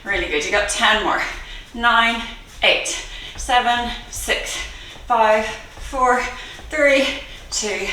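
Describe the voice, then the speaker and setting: A woman fitness instructor coaching a workout, slightly high and bright in tone, speaking at an unhurried pace. She cheers people on, counts down reps and laughs easily. Her voice rings around a very echoey room, picked up from a distance. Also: a little hiss or hum. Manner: encouraging, counts reps aloud, laughs often. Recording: very echoey room, mic far off.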